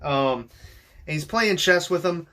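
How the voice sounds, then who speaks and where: Bright-voiced man rambling through a movie recap. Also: fairly high pitch, animated, unhurried. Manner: rambling and profane, full of ums and likes. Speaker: podcast host.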